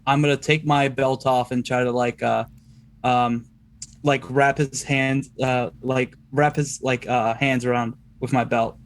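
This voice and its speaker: A man's voice: mid-range voice, level tone, a little slow. Casual male tabletop player. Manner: casual, laughing, thinking aloud. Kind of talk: playing a tabletop game.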